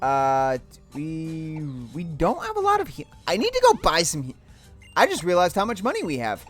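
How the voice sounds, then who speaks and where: A woman's voice: sits low, huge pitch swings, normal speed, soft background music. A young woman hosting a gaming channel, chatting casually and poking fun at herself as she plays. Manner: chatty and self-mocking. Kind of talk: casual let's play commentary.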